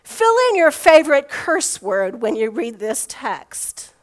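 A woman's voice: on the high side, sing-song, slow, poor audio. A woman pastor preaching a sermon in a conversational storytelling way, with touches of folksy humor.

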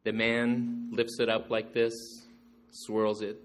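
Guy sharing family stories to a crowd, lower voice, really animated, acts stuff out. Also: slow pace. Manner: animated, acting out jokes. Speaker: storyteller remembering his father. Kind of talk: storytelling to a gathering.

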